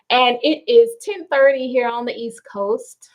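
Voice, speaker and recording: A woman hosts a late-night live stream from home, answering viewer comments in an easygoing, unhurried way. Her voice sits a little high, and she laughs often between remarks. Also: dull audio. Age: adult with children. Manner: chatty, laughs often, slow and relaxed. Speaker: livestream host reading viewer comments. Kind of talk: casual live chat.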